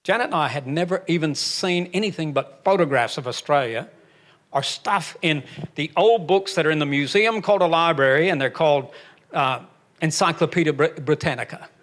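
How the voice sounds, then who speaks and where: A somewhat bright, slightly high male voice belongs to an older Alabama pastor delivering an emphatic sermon, who breaks up his points with folksy, joking remarks.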